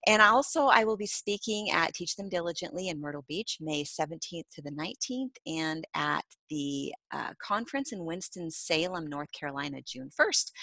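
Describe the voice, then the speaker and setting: A middle-aged woman hosts a podcast in a relaxed, chatty way, sprinkling in ums and easy laughs. Her voice sits a little low but sounds bright. The recording is dry and close. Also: no echo. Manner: warm, chatty, laughs often, many ums. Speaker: podcast host. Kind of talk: casual interview chat.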